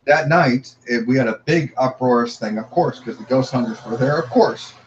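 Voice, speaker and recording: A middle-aged man recounting his family's paranormal experiences as a guest, halting and repeating words as he tells it. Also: medium pitch, muffled recording.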